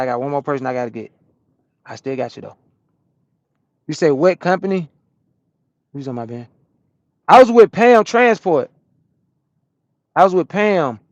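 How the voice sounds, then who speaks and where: A man from Atlanta, a truck driver chatting casually on a live stream and answering viewers' comments in a relaxed, repetitive way. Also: fairly high pitch, dry recording, dull audio. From Atlanta, USA.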